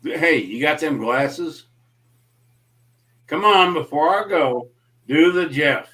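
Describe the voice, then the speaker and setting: A man's voice: a little high, lively intonation, takes it slowly, a bit bright. Teasing, joking man on a livestream. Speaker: guest on a livestream. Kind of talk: casual late-night chat.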